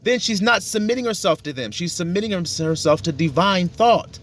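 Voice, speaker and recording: A man's voice: high-pitched, expressive, moderate pace, a bit bright. A man giving a casual, profane sermon, acting out little dialogues to make his points. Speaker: religious teacher.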